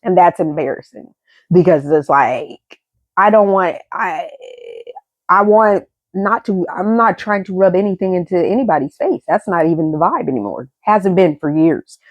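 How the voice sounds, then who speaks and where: A young adult woman vlogging, telling her story in a rambling, emotional way, repeating words and swinging from high excited tones to low subdued ones. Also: normal speed, dry recording, dull audio. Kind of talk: candid storytelling monologue.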